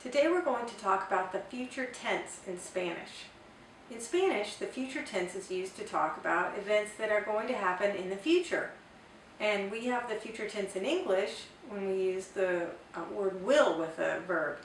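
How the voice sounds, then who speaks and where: A woman's voice: mid-range voice, expressive, normal speed. A woman teaching a Spanish grammar lesson in English, patiently spelling out examples. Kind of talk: explanatory language lesson. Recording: roomy, distant mic, faint hiss.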